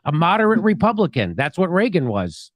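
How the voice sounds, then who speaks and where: A man's voice: fairly high pitch, wildly swooping pitch, brisk, dry recording. A man co-hosting a political talk show, blunt and profane. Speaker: co-host.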